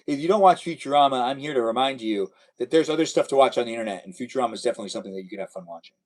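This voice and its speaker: A man's voice: mid-range voice, very fast, hardly any pauses, poor audio. A young man hosting a casual live stream, chatting playfully and answering viewers' comments.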